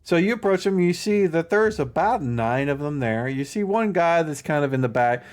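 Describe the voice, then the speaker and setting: A man's voice: fairly high pitch, lively intonation, moderate pace. A man narrating as game master of a tabletop game, rambling loosely with many "you know"s and restarts. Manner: rambling, lots of fillers and restarts.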